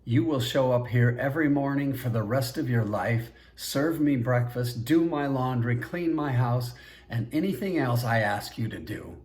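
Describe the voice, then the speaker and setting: A man's voice: mid-range voice, very animated, slow pace, voice pushed up. A man voicing an arrogant male governor who owns a slave girl, speaking in a scornful, domineering way in an audiobook.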